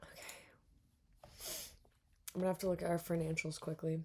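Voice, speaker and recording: A young woman giving casual let's-play commentary, reacting out loud, muttering to herself and swearing a lot. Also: lowish voice, flat delivery, a little fast, breathy edge. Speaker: gaming streamer.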